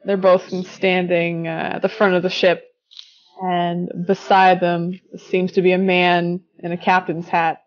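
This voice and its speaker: A woman's voice: lowish voice, flat delivery, measured pace, muffled recording. Laid-back woman game master. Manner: casual, laughing, swears freely. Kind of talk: narrating a tabletop game.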